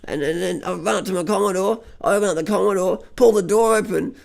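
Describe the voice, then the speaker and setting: A man's voice: high-pitched, fast, gravelly. An Australian man delivering a rambling comic monologue, stammering over repeated words, swearing a lot and bragging with a straight face. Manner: stammering repetitions, heavy swearing, deadpan bragging. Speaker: comic vlogger.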